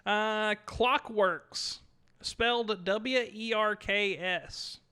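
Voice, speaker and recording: A young man co-hosting a casual gaming podcast, joking around and running a quick-fire quiz. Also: high-pitched, bright, forceful tone, clear, resonant tone.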